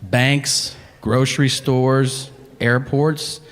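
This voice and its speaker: Profane storytelling comedian in a reverberant hall. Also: male voice, medium pitch, extremely slow. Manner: profane, incredulous, animated. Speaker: stand-up comedian. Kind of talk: stand-up storytelling. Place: live comedy venue. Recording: live hall reverb with ambient noise.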